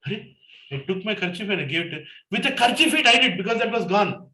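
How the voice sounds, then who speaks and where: A middle-aged Indian man tells a lively story during a spiritual talk, switching between English, Hindi and Telugu. His voice sits a little high and sounds bright and forceful. The room gives it a roomy echo. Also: quick pace. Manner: animated storyteller, mixes in Hindi and Telugu, laughs at himself. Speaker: satsang speaker.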